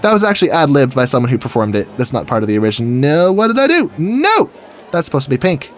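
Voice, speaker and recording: A man's voice: mid-range voice, sing-song, fast, faint music behind. Goofy, chatty man narrating his game. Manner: chatty, goofy, talks to himself while building. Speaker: gaming video creator. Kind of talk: casual let's-play commentary.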